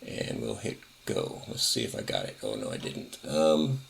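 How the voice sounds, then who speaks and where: A man hosting a tech tutorial, casually narrating each step of a software setup and correcting himself as he goes. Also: rumbling low, wildly swooping pitch, moderate pace, gravelly. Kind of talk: screen-recorded software walkthrough.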